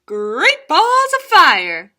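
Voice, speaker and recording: A woman voicing a bossy goose in a storybook reading, with booming, drawn-out exclamations. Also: wildly swooping pitch, sharp tone, heavily acted.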